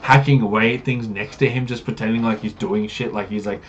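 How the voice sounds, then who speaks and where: Brief: casual game master recap, rambling with fillers, slightly low voice. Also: male voice, fairly even intonation, a little fast, dull audio. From Australia. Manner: rambling, many fillers and self-corrections. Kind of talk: casual campaign recap narration.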